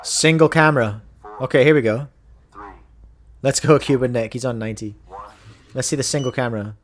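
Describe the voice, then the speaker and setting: A man's voice: medium pitch, fairly even intonation, brisk. A married man, hosting a podcast and chatting casually as he reacts to videos with playful, jokey asides. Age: adult, married.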